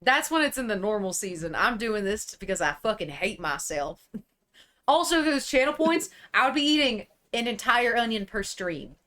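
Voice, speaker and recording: A woman's voice: a little high, big pitch swings, normal speed, a bit bright. A woman streaming as game master of a tabletop game, who laughs a lot and swears freely.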